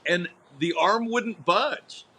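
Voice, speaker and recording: A man's voice: high-pitched, slow, a little hiss or hum. A man, a tennis coach who is a guest on a podcast, telling stories in a casual chat and acting out what people said. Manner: animated storyteller acting out quotes.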